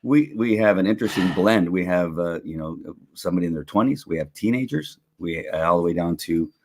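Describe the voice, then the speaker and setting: On his casual faith-and-politics livestream, a middle-aged man talks in a low voice, animated and fairly fast. He meanders, keeps starting over, and chuckles a lot.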